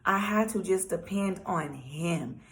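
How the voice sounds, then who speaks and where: A young woman vlogger telling a personal testimony in a chatty, animated way, with lots of fillers. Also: fairly low pitch, takes it slowly.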